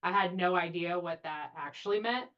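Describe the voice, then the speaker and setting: A woman guest in a casual interview chats away in a lowish voice at normal speed, saying "like" often and acting out quotes. The audio is dull and lo-fi.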